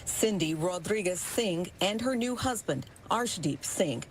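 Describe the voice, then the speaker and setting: A woman's voice: lowish voice, animated, slight background noise. Woman reporter reading a formal news report. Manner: measured, formal delivery.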